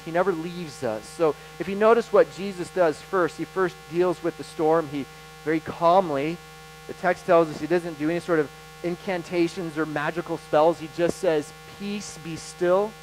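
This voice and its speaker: Animated male preacher, faint mains hum. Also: a little high, poor audio. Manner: animated, emphatic preaching with dramatic pauses. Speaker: pastor. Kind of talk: sermon.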